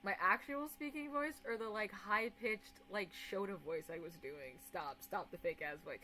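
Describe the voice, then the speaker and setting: A woman's voice: medium pitch, background noise. A woman streaming as a VTuber, chatting casually with a sarcastic, playful manner. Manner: sarcastic, playful, quick to joke. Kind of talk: casual livestream chat.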